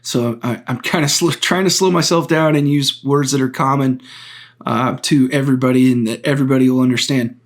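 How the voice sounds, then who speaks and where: A man hosting his own podcast, talking through a topic on his own in an earnest, deliberate way, often stopping to restart a phrase and explain step by step. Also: medium pitch, fairly even intonation. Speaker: podcast host. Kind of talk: solo political commentary.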